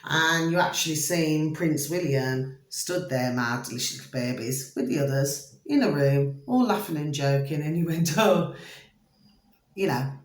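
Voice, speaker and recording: A woman, chatting casually and rambling, repeating pet names and swinging from loud to hushed. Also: low voice, a little slow. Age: 50s. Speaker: vlogger. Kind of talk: casual chat. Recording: echoey room.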